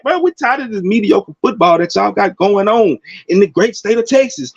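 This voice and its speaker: A man in his forties giving casual, slangy college football commentary, animated, with loud bursts. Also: high voice, fairly quick, hardly any pauses, no room sound, dull audio. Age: 40s.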